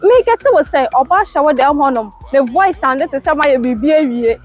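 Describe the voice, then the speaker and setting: High-voiced Ghanaian woman arguing in a skit. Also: sing-song, highs cut off, faint music behind. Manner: argumentative, rapid mix of pidgin and English. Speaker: comedian in a skit. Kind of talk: comic argument skit.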